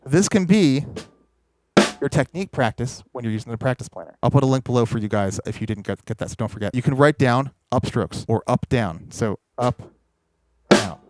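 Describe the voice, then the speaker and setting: A man teaching drum technique in a casual, explanatory way, pausing to demonstrate strokes as he talks. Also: medium pitch, expressive, loud music behind the voice. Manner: explanatory, demonstrating while talking. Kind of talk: instructional video. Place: recording studio with drum kit. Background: drum playing.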